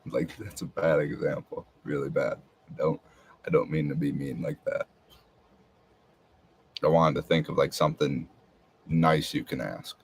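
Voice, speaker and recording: A man's voice: very deep voice, fairly even intonation, measured pace, long pauses, a little hiss or hum. A man talking in a casual, rambling monologue, hesitant and full of filler words. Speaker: podcast host.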